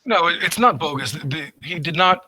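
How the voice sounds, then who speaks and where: Angry high-voiced man arguing. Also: expressive, fairly quick, bright, forceful tone, no echo. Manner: angry, insistent, profane. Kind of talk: heated online argument.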